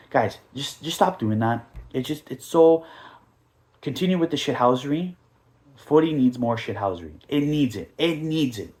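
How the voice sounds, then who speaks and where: Canadian man, podcast host, fast rambling football rants, profane and jokey. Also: mid-range voice. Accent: Canadian English. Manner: animated, joking, profane, rambling ranting. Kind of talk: casual football podcast rant.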